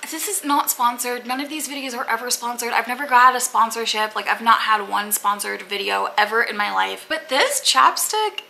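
Young woman, rambly casual vlogger, bright and slightly high voice. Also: a little hiss or hum, poor audio. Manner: chatty, rambling, lots of "like" fillers. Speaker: booktuber. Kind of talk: casual unboxing chat to camera.

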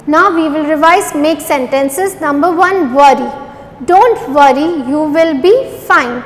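A woman's voice: sits high, takes it slowly, long reverb tail, low-quality recording. A woman teacher revising a lesson with young children, spelling words out letter by letter and repeating each answer. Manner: asks questions then repeats the answers.

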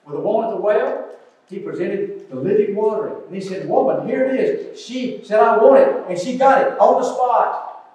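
An older preacher delivers an earnest sermon, his high voice moving between loud pleading and quiet asides. He sounds far from the mic. A heavy church echo hangs around every word. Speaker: pastor. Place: church sanctuary. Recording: echoey church sanctuary, distant mic.

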